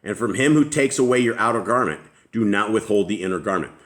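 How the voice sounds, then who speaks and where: A man's voice: lowish voice, expressive. A man hosting a casual scripture discussion, reading verses aloud in an easygoing way. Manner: easygoing, reads verses slowly, chuckles. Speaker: host of a scripture study discussion.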